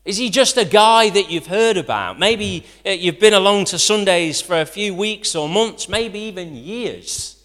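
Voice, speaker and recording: A man preaching a sermon, lively, rising to loud quotations and dropping to quiet asides. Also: sits high, unhurried, few pauses. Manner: animated, rising to near-shouts when quoting, dropping to quiet asides. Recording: long hall reverb.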